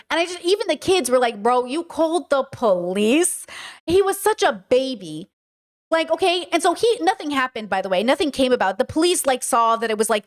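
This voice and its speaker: A woman hosts a commentary stream, talking in a fairly high, lively voice. She curses freely and slips into stories. Her tone is conversational and animated throughout. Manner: animated, profane, conversational, reads chat aloud. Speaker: host. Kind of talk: commentary and personal storytelling.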